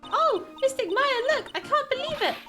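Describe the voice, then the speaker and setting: A woman voicing a sweet, timid little girl who gushes in a squeaky, breathless voice. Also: expressive, normal speed, sharp tone, faint music behind, exaggerated voice. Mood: gushing.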